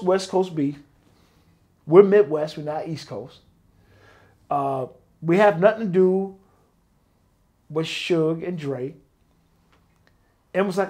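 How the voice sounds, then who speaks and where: A man's voice: fairly high pitch, takes it slowly, long pauses. A middle-aged man, telling stories in a casual interview and acting out the dialogue. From Detroit, US. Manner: animated, acts out quoted dialogue. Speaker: interview guest, former bodyguard.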